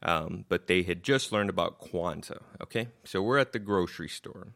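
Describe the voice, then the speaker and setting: A man's voice: low-pitched, moderate pace, creaky, a bit bright. A middle-aged man hosting a podcast, telling stories in a casual, rambling and profane way, laughing at his own jokes. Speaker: podcast host. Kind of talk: casual storytelling chat.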